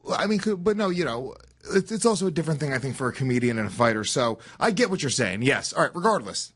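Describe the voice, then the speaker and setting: A man's voice: mid-range voice, very animated, quick pace, husky. A man co-hosting a podcast in casual chat, hesitant and joking. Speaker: podcast co-host.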